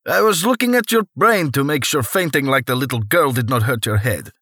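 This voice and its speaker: A man's voice: medium pitch, brisk, sharp tone, slightly rough, dry recording, clean studio sound, voice pushed up. A man voicing an eccentric, cheerful bald engineer with a heavy Russian accent, in a storybook reading. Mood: earnest. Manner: cheerful and odd, talks to machines like pets.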